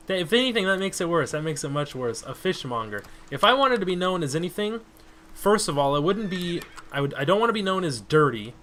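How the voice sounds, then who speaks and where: Bright-voiced man casually narrating gameplay. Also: fairly high pitch, slight background noise. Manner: chatty, exasperated, swears freely. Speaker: gaming video host. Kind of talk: casual let's-play commentary.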